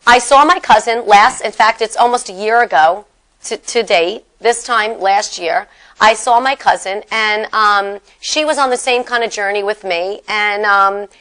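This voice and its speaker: A woman's voice: mid-range voice, measured pace, fairly bright tone, clear, resonant tone, poor audio. A woman in her fifties co-hosting a casual chat, talking frankly and laughing often. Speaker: co-host.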